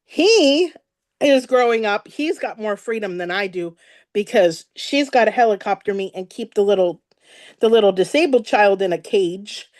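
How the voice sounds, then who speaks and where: A woman speaker telling her own life story to an event audience, animated and emotional, laughing at times and with her voice sometimes breaking. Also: mid-range voice, normal speed, no echo, studio quality. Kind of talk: personal story told on stage.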